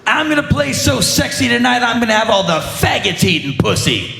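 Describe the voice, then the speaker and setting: A man putting on a crude, boastful middle-aged rock guitarist who yells at the crowd from the stage, louder and higher than his own voice. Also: very animated, a little fast, vocal fry, roomy sound, big-room sound, faint music behind, heavily acted.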